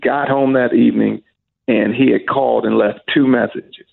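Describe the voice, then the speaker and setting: A middle-aged man from Alabama tells an animated story, with a very gravelly, husky voice. The sound is narrow and phone-like, with faint music underneath. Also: mid-range voice, normal speed. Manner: animated storyteller who acts out the voices of people he quotes. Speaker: singer, interview guest. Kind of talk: casual storytelling.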